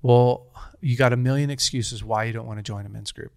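A man's voice: mid-range voice, steady tone, fairly quick, vocal fry, no echo, studio quality. A man in his thirties telling a personal story in casual conversation, earnest and rambling, with frequent restarts.

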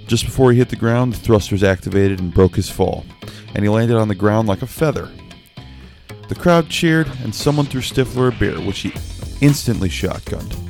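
A young man casually telling a story at home with a quiet voice, laughing at himself and dropping apologetic asides. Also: lowish voice. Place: home at night, kept quiet.

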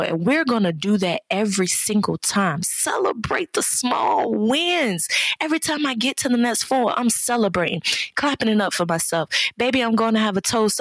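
Husky, exuberant woman podcast host. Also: medium pitch, no echo. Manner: exuberant, preachy, pet names like baby and child. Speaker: podcast host and life coach. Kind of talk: motivational podcast monologue.

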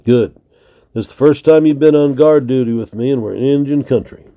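A man doing a brisk veteran trapper. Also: mid-range voice, pitched above the performer's own voice, natural voice. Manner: brisk, firm. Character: experienced watchful male trapper, head of the guard. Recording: tinny narrow lo-fi recording.

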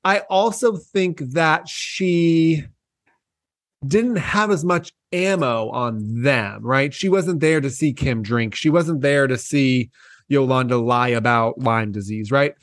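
A man's voice: mid-range voice, slow, no echo, studio quality. A man co-hosting a casual gossip chat, animatedly acting out quotes in mocking voices. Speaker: podcast co-host.

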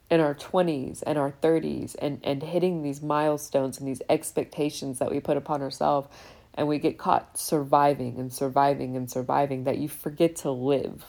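A woman in her thirties with a low voice speaks in a casual, reflective podcast monologue. Her tone is soft and relaxed. She talks openly and a lot, and swears freely. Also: creaky. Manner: candid and talkative, swears freely. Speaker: podcast host.

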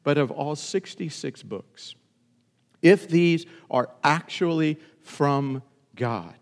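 A man preaching a sermon in an earnest style, sometimes rising into emphatic high bursts. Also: slow pace, big-room sound. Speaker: pastor.

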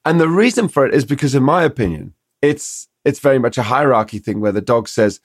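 Animated middle-aged man telling dog stories. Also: mid-range voice, quick pace, hardly any pauses, breathy edge, no room sound, clean studio sound. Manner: animated storyteller, acts out dog and owner quotes. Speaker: dog trainer guest. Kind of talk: podcast conversation.

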